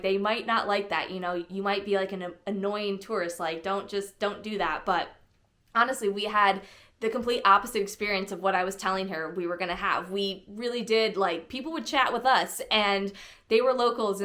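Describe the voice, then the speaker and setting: A woman's voice: medium pitch, bright, forceful tone. Chatty young woman vlogging. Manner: chatty, bubbly, many "like" fillers. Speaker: travel vlogger. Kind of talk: casual chat to camera.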